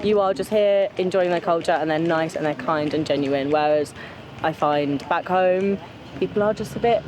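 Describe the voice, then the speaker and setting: A woman's voice: lowish voice, moderate pace, darkish tone. A British woman from the UK, telling her story frankly and with animation in a street interview. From United Kingdom. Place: busy city street outdoors. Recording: outdoor street crowd noise.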